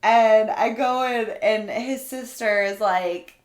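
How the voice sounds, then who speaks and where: A woman co-hosting a podcast in casual chat, telling stories in an animated way and laughing often. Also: fairly high pitch, takes it slowly. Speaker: podcast co-host. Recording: roomy echo.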